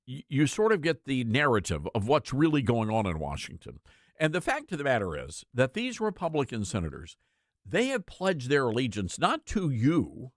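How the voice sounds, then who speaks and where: A man's voice: medium pitch, dry recording. A man hosting a talk radio show, giving opinionated political commentary with emphatic repetition into a studio mic. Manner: emphatic, repeats lines for effect.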